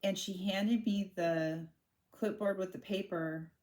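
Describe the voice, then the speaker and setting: A woman in her forties telling her own story to camera in a candid, halting way, often restarting her sentences. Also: mid-range voice, steady tone, a little mellow. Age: 40s.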